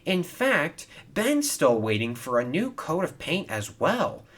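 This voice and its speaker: A cheeky little engine with a scheming streak, played by a man in a chirpy, high voice. His husky tone swoops up and down as he chatters. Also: wildly swooping pitch, slow pace, a bit bright, exaggerated voice. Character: sly cheeky male small engine.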